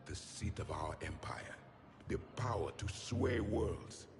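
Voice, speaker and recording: An actor playing a proud, scornful ancient alien soldier who speaks in a grave, measured, condescending way. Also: male voice, lowish voice, lively intonation, over music. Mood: brooding.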